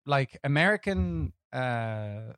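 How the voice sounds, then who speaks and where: A young Irish man co-hosting a casual film podcast, rambling and animated with plenty of restarts. His voice sits in a middle register. It is recorded close, with a dry sound. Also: medium pitch, slow pace, no room sound. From Ireland. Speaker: podcast co-host. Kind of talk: casual film-review chat.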